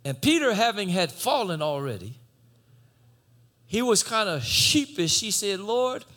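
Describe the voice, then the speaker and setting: A man preaching a sermon, swinging from shouted exhortation to low conversational teaching. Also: big pitch swings, measured pace.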